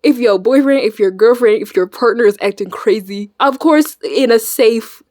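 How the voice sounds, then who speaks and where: A woman chatting casually in a reaction video, animated and slangy, swearing freely. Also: a little high, normal speed, dry recording, clean studio sound. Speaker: video creator.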